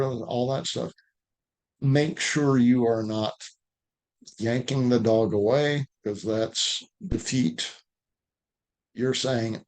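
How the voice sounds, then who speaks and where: A man of middle pitch taking his time, answering viewers' questions about dog training in a live online session. He talks in a loose, conversational way and acts out the lines he would say to a dog. It comes through a video call. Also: slow, darkish tone.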